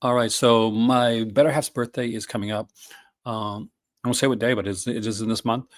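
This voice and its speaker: A male live-stream host chatting casually and enthusiastically with his viewers. He rambles, restarts his sentences and fills gaps with ums and uhs. His voice sits in a middle pitch range. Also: fairly even intonation, fairly quick.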